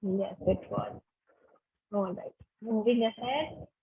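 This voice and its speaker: A woman's voice: medium pitch, steady tone, takes it slowly, creaky, a little hiss or hum. A woman from India teaching a webinar on personal presentation, giving direct instructive tips. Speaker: webinar trainer. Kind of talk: online training lecture. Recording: tinny phone-line webinar audio.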